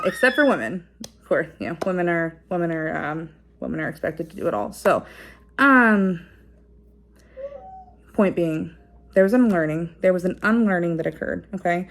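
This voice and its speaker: A woman talking casually to the camera in a vlog, musing out loud with many fillers and restarts and explaining like a teacher. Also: fairly low pitch. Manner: explains like a teacher, checking in with "okay?" and "right?". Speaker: parenting vlogger.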